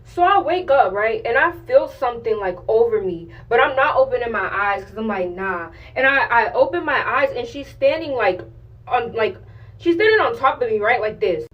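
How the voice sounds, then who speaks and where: A woman's voice: fairly high pitch, lively intonation, moderate pace, far from the mic, muffled recording. A young woman telling a personal story to camera in blunt, slangy, profane casual talk. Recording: voice a bit off-mic.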